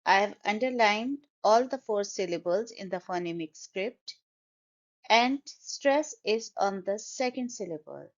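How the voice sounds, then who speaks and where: A woman teaching English vocabulary at an unhurried pace, sounding out each word syllable by syllable. Her voice sits in a middle pitch, and the recording is slightly dull and lo-fi. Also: animated. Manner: slow, careful, syllable-by-syllable pronunciation. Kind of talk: pronunciation lesson.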